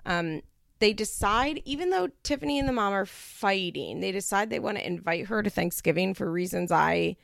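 Chatty young woman with a gravelly edge. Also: mid-range voice, normal speed, dry recording, clean studio sound. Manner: chatty, laughing, animated quoting of others. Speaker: podcast host recapping a reality show. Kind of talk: casual chat.

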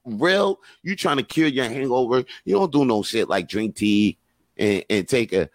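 A man's voice: mid-range voice, lively intonation, moderate pace, no echo. A man hosting a casual live podcast, talking in a slangy, profane, hyped-up motivational way. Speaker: podcast host.

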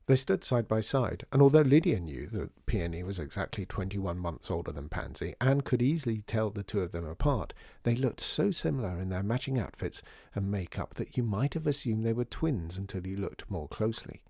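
A man narrating a storybook in a lively, expressive reading voice. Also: lowish voice, normal speed, few pauses, breathy edge, dry recording, studio quality.

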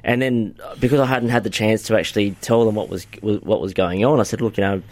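Hesitant low-voiced man. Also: fairly even intonation, fast talker, a little mellow, no room sound. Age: 40s. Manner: hesitant, many fillers and restarts. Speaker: podcast co-host. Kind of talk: casual chat.

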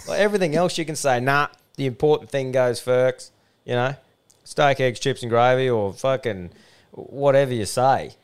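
A man's voice: medium pitch, moderate pace, clean tone. A young man with an Australian accent, co-hosting a podcast and telling blunt, sweary yarns in casual banter. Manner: blunt, sweary, laid-back yarn-spinning. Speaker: podcast co-host.

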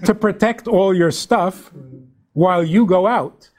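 A man's voice: high voice, measured pace, a little mellow. A man, a rabbi giving a humorous lecture on relationships, who tells stories, acts out little dialogues and slips in wry jokes.

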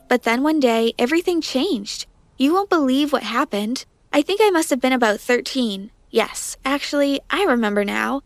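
A woman narrating a first-person story in a dramatic, animated way. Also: high-pitched.

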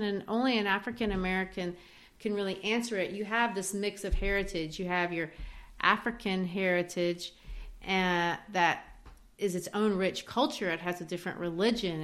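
A woman teaching literature in a lively way, discussing a play and acting out its quoted lines. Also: mid-range voice. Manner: animated, acts out quoted lines.

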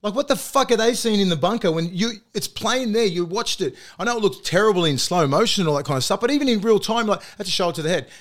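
An Australian man co-hosting a podcast, his voice sitting a little high as he rants in a heated, sweary way. He talks casually, and the conversation keeps stirring him up. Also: lively intonation, quick pace, hardly any pauses, fairly bright tone. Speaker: co-host.

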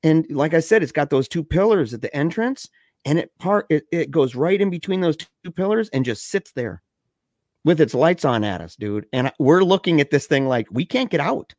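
A young man telling a scary story in a casual way, excited and slangy, saying dude and man a lot. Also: fairly high pitch, moderate pace, no room sound, studio quality.

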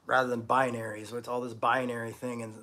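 A man's voice: medium pitch, flat delivery, fast, pushed and bright. A middle-aged man preaching an informal, conversational sermon as pastor of an online church, blunt and emphatic, with casual swearing and self-deprecating humor.

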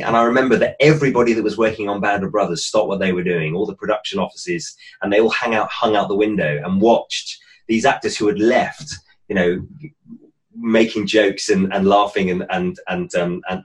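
A man on a panel recalling a memory in a hesitant, reflective way. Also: lowish voice. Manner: hesitant, reflective, with many restarts. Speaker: actor on a reunion panel. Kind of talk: reflective recollection.

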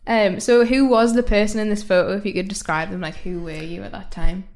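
A woman's voice: mid-range voice, steady tone, brisk, a little mellow. Casual female interviewer, friendly prompts. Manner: friendly, laughs along, short prompts.

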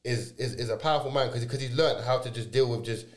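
A young man in casual podcast chat, using slang and lots of quick agreeing fillers. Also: medium pitch, reverberant.

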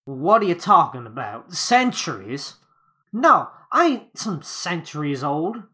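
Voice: medium pitch, big pitch swings, pushed and bright, breathy edge. A player doing a stubborn drawling dad. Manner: drawling, says "ain't", slow and stubborn. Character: stubborn protective father, drawling.

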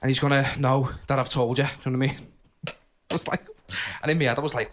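A man's voice: mid-range voice, little pitch movement, fast, a bit bright. A young man, a podcast co-host telling a funny story in casual chat, laughing often and acting out his younger self.

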